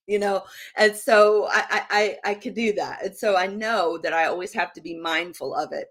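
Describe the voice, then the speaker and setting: A woman's voice: medium pitch, moderate pace. A middle-aged woman minister teaching through a personal story, acting out the quotes with frequent laughter. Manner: lively storyteller, acts out quotes, laughs often.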